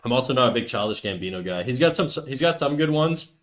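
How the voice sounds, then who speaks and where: A man's voice: medium pitch, lively intonation, fast talker, a bit bright. A man chatting casually on a livestream while he draws, joking and playfully defiant as he argues with his chat.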